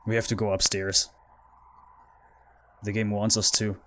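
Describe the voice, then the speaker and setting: A man's voice: fairly low pitch, measured pace, pauses often. A frightened man commentating a horror game playthrough, pleading with the game and talking to himself. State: scared, shaky. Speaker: gaming YouTuber.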